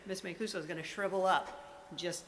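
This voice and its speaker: Delivering morning announcements at a school, this middle-aged woman is cheerful, talkative, and supportive. She speaks fairly quickly in a lowish voice with a steady tone, and the room is reverberant with a faint noise floor.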